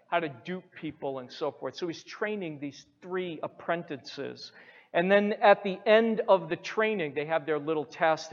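Emphatic high-voiced male preacher. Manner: emphatic preaching, repeats phrases for stress. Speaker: pastor. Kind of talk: sermon. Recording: muffled sound in a reverberant hall.

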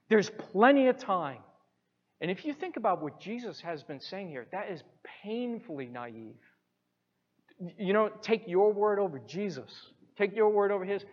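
A male pastor preaching a sermon emphatically, repeating phrases for stress. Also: high-pitched. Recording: muffled sound in a reverberant hall.

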